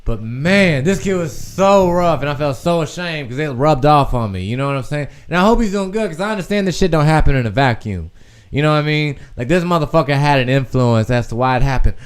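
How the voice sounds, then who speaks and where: A young man hosting a podcast stream, telling a personal story in a candid, profane, animated way. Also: a little high, fairly quick, smooth. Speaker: podcast host.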